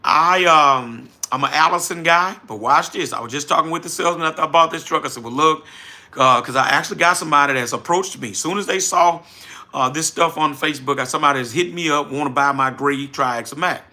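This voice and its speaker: A middle-aged man with a New Orleans accent holds a casual livestream and talks straight to his viewers. His voice is very bright and pitched a bit high, and his delivery is folksy and animated. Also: a little fast. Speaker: livestream host, trucking business owner.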